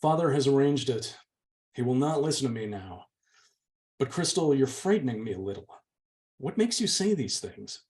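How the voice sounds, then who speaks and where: A man's voice: medium pitch, very animated, moderate pace, long pauses, a little mellow, recorded from a distance, lightly acted. A man reading aloud, voicing a bold young woman who earnestly reassures her younger sister. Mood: uneasy. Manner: earnest, insistent. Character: bold, strong-willed young woman, the older sister and narrator. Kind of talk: audiobook reading.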